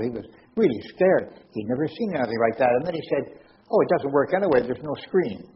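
An older man giving a humorous, skeptical talk to an audience into a microphone. He speaks in a wry, sardonic way, and his pitch leaps up suddenly to make a point. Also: a little hiss or hum. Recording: dull lo-fi recording.

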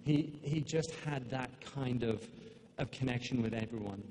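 A man speaking at his father's memorial, halting, with many fillers and restarts. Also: mid-range voice, darkish tone. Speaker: son giving a eulogy. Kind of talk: memorial speech. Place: large hall with long reverb. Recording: echoey hall, faint room noise.

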